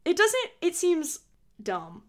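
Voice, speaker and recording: High-pitched woman co-host, quick to agree, wry and joking in casual chat. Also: huge pitch swings. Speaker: podcast co-host. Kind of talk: casual movie discussion.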